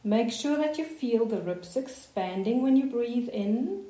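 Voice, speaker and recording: Voice coach, female: unhurried, soothing, mellow tone, roomy echo. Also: on the high side. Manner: slow, calm, soothing guidance. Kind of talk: guided voice warm-up instruction.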